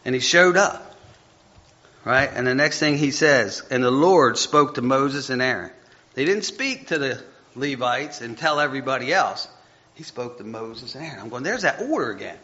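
Bright-voiced man preaching casually, lo-fi. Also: medium pitch, expressive, normal speed. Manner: chatty, self-deprecating, reads scripture aloud and stumbles over it. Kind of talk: conversational sermon. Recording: dull lo-fi recording.

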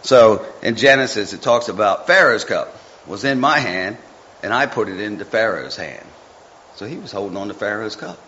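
A man's voice: fairly low pitch, expressive, moderate pace, sharp tone, a little hiss or hum. A man giving an informal devotional talk, folksy and rambling, with chatty asides to the listeners. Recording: muffled with faint background ambience.

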